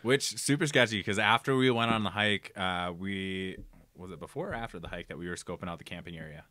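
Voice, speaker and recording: A young man from Minnesota, a guest on a podcast, telling stories in an animated, casual way with many fillers. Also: low-pitched, brisk, dry recording. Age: young adult. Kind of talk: casual chat.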